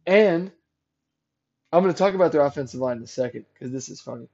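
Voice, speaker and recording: High-voiced man ranting on a sports podcast. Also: lively intonation, fast talker, dull audio. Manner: ranting, sarcastic, swears freely, swings from low mutter to loud outbursts. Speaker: podcast host. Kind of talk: solo sports podcast rant.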